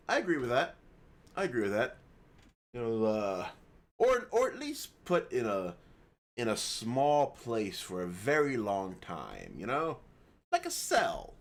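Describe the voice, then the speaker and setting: A young man giving casual, profane, rambling reaction commentary on a video as a gaming YouTuber. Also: mid-range voice.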